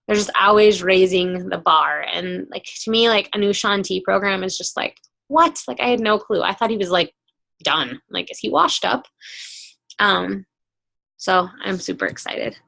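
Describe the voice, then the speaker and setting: A woman's voice: medium pitch, creaky, bright, forceful tone. A woman hosting a team video call, telling stories in a casual, chatty way with many fillers. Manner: chatty, filler-heavy storytelling.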